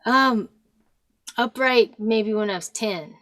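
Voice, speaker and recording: A woman musician chatting casually on a video call, halting and low-key, her voice trailing off quietly. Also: no echo. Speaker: musician guest. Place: home, Texas.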